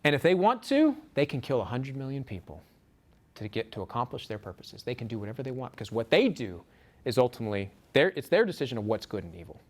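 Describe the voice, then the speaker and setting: A man giving a lecture to a small group, animated, acting out quotes from the book. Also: medium pitch, quick pace. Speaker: speaker. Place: room with a small audience. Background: audience laughter.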